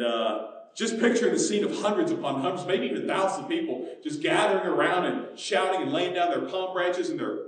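A male pastor from the United States preaching a sermon, moving between hushed, soft passages and loud, emphatic ones. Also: on the high side. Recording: very echoey room, mic at a distance.

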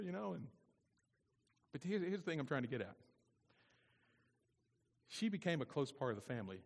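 A man's voice: on the high side, animated, fairly quick, gravelly, pauses often, a little mellow. A middle-aged man preaching a sermon as pastor, mixing folksy personal storytelling with emphatic preaching. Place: church sanctuary. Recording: long church hall reverb.

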